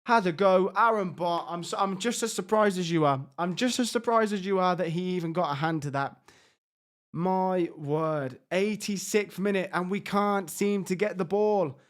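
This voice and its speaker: An excitable, high-voiced gaming YouTuber gives live reaction commentary on a football management game at normal speed. He gets exasperated and talks directly to his players.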